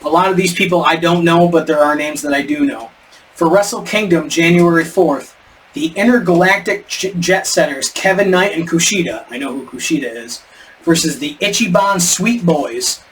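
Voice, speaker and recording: On a podcast, a male co-host chats casually, wandering off topic and stumbling over names. He speaks at a normal speed in a slightly high, somewhat bright voice, recorded from a distance with faint background noise.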